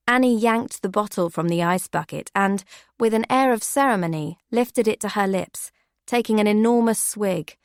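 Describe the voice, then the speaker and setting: A woman giving steady, measured first-person audiobook narration. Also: mid-range voice, no echo, studio quality.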